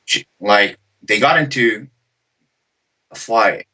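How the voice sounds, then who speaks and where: Animated young man, bright voice. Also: on the low side, slow pace, husky. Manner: animated retelling, acts out quotes and shouts. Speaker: podcast co-host. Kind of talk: casual chat, storytelling.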